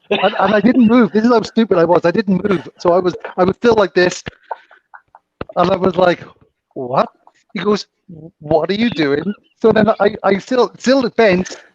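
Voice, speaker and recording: A man in his fifties telling stories in a casual chat, animated and laughing often. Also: sits high, highs cut off, slight background noise. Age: 50s.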